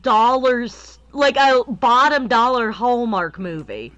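Wry young-sounding woman, fairly high voice. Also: animated, takes it slowly, fairly bright tone, dry recording, dull audio. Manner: wry, sarcastic quips. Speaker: podcast co-host. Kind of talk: casual chat.

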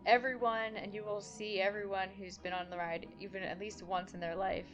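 A woman's voice: mid-range voice, level tone, moderate pace, lo-fi sound. A woman with a mid-range voice in a casual chat. She talks enthusiastically, rambling and restarting her thoughts. Faint music plays underneath. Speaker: podcast co-host.

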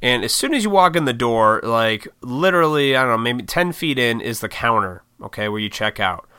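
A short-on-sleep vlogger with an expressive, brisk, mid-range voice, pushed and bright yet clean, tells the camera a rambling story thick with swearing. He pokes fun at his own impatience in this casual monologue, recorded in clean studio sound with no room noise.

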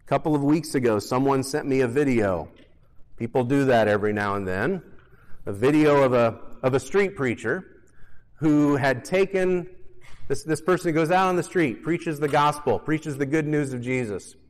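A man's voice: medium pitch, moderate pace, in a large hall. A male pastor preaching a conversational sermon with self-deprecating humor and emphatic repetition.

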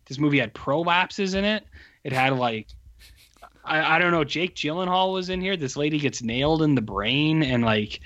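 A man's voice: a little high, normal speed. A man casually chatting on a podcast about movies over a remote call, rambling and profane. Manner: rambling, profane, animated storytelling. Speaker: podcast co-host reviewing movies. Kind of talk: casual chat. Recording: muffled lo-fi call audio.

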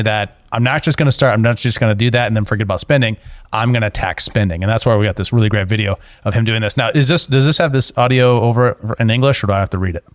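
A man co-hosting a podcast, talking in an animated, emphatic way during a casual discussion. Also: lowish voice, no room sound, studio quality. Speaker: podcast co-host.

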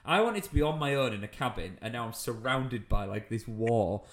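Animated British man telling a story. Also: medium pitch, normal speed, a crowd in the background. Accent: British English. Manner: animated anecdote-telling with laughs. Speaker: comedian guest. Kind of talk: casual storytelling chat.

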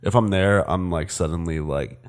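A man from New Jersey hosting a podcast, chatting casually and riffing with jokes. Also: low voice. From New Jersey, USA. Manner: animated, joking, quick to riff. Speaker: podcast host. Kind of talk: casual chat.

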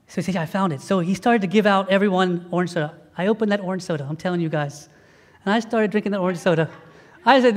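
A man, a priest, giving a sermon and telling a story with lively acted-out dialogue. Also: sits high, long reverb tail. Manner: animated storytelling, acting out dialogue.

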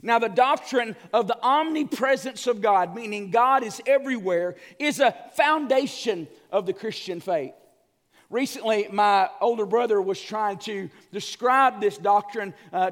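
A male pastor with a strikingly high voice delivers an Easter sermon with fervent, impassioned energy. He climbs to near-shouts, then sinks to hushed lines. A long reverb from a large hall trails behind every phrase.

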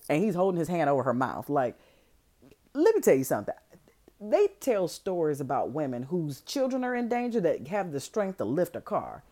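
Animated woman recapping a movie. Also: deep voice, normal speed. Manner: animated, slangy and comedic, voicing characters in asides. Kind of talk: casual movie recap with acted quotes.

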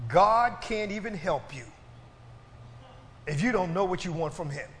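A man preaches in a church, his voice sitting high with a fairly bright tone, animated yet unhurried. He stretches out lines for effect and urges the congregation to respond, all echoing through a reverberant hall.

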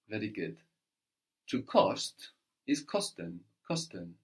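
A man's voice: lowish voice, sing-song, slow pace. Patient man teaching a language. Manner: patient, prompting, frequent "no?" checks. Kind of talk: one-on-one German lesson.

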